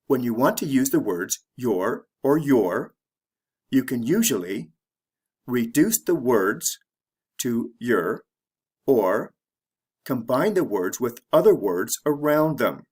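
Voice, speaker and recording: A man narrating a scripted English lesson, reading example sentences slowly and deliberately for learners to repeat. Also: medium pitch, sing-song, a little mellow, husky. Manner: measured, deliberate, careful pronunciation drills. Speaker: English teacher.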